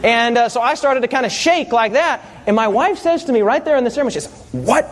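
A man's voice: very high-pitched, fast, some chatter behind. A pastor preaching a sermon, telling humorous stories and quizzing his congregation.

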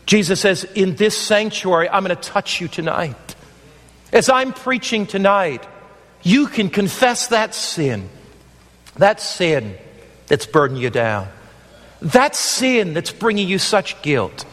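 A man's voice: sits high, a bit bright, big-room sound. A man preaching an evangelistic sermon as pastor, earnest and pleading, acting out the voices in his stories.

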